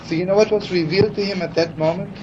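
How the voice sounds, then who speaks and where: A man preaching in a heartfelt, chatty storytelling voice, turning often to his listeners with "you know." His voice sits a little high for a man. The recording is dull and archival, with a faint hiss underneath. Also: fairly even intonation, fast. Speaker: rabbi teaching. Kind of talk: storytelling sermon.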